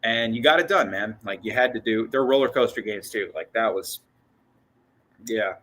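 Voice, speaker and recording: A man with a bright, forward voice talks through a casual postgame show as its host. He rambles excitedly, restarting sentences and doubling up on words, and he sounds a bit out of breath. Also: on the low side, moderate pace, poor audio. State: short of breath. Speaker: sports podcast host.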